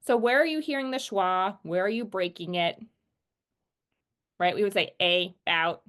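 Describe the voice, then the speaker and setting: A woman teaching a phonics lesson, explaining patiently and slowly acting out sounds. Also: mid-range voice, fairly bright tone.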